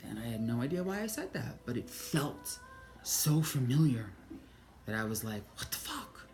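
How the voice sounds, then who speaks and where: Speaking straight to camera at a normal speed, a woman with a strikingly low voice tells a personal story. She's animated, swears freely, and voices her own inner thoughts aloud, with soft music faintly in the background.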